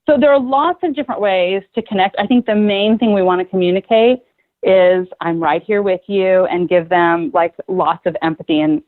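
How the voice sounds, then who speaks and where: A woman psychotherapist talks earnestly on a podcast as a guest, telling animated stories. Her voice is middle-pitched. The sound is thin and phone-like, with no room echo. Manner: earnest, animated storyteller who acts out quoted people. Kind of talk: conversational podcast interview. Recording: tinny phone-like line, dry.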